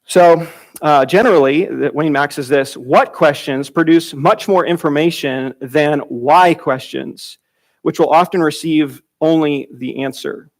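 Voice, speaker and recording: A man with a fairly high voice teaches a church Bible class. His delivery is loose and conversational, with repeated words and restarted phrases. He jumps up in pitch when he acts out quoted dialogue. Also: unhurried.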